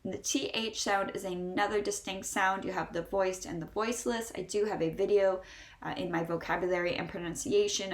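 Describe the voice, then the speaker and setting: A woman's voice: fairly low pitch, echoey room. Northeastern American woman teaching pronunciation. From Northeastern United States. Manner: slow, drawn-out model words repeated three times. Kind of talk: pronunciation lesson.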